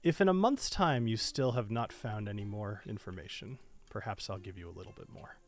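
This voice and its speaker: A man voicing a secretive female dragon in human form, calm and guarded in a tabletop game. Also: fairly low pitch, brisk, pitched below the performer's own voice, natural voice. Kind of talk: tabletop game role-play.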